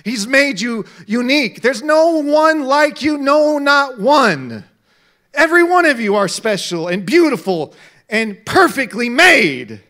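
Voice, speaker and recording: Male pastor, middle-aged, preaching; high, ringing voice that drops low and climbs to shouts. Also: big pitch swings, a little slow. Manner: preaching, swings from quiet to shouting. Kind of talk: sermon.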